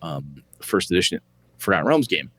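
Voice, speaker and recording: A middle-aged man co-hosting a podcast, chatting casually in an animated way and swearing freely as he tells stories. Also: deep voice, normal speed, slightly rough, no room sound. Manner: animated, profane, storytelling. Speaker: podcast co-host. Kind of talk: casual chat.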